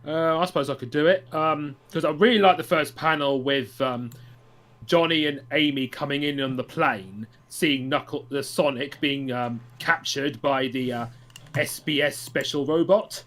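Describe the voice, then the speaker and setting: A man summarizing a comic story in a casual podcast chat, with many ums and pauses. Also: fairly high pitch, fairly bright tone. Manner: hesitant, many ums and uhs. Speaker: podcast co-host.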